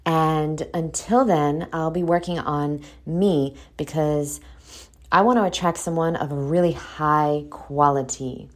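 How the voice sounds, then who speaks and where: Low-voiced woman hosting a chatty podcast. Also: steady tone, slow. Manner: chatty, pep-talk tone, calls listeners "boo". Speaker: podcast host. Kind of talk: casual solo podcast monologue.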